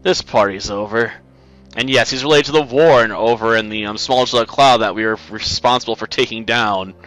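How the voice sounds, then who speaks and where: A man's voice: medium pitch, a little fast, fairly bright tone, soft background music. A man hosting a let's play, making sarcastic, joking asides about the game's story. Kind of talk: casual game commentary.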